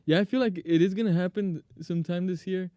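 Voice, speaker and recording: Young man, mellow and smooth. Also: sits high, fast talker, dry recording, dull audio. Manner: laid-back, humble, lots of filler words. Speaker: guest musician. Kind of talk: casual podcast interview.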